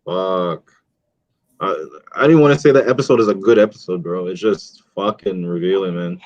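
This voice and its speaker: A man's voice: low voice, normal speed, darkish tone. A man hosting a casual podcast, telling loose profane stories full of fillers. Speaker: podcast host. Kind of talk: casual chat. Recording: dull, dry, lo-fi audio.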